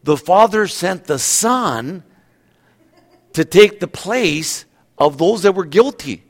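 Pastor preaching in a chatty, fairly high voice. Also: male voice, expressive, slow. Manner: conversational preaching with repeated restarts and questions to the congregation. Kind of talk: sermon.

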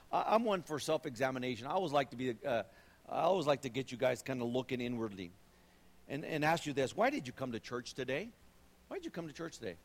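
A man, a pastor, giving a sermon in a church in a conversational, animated way, often repeating phrases and checking in with "right?". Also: medium pitch. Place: church sanctuary. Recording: long reverb of a church hall.

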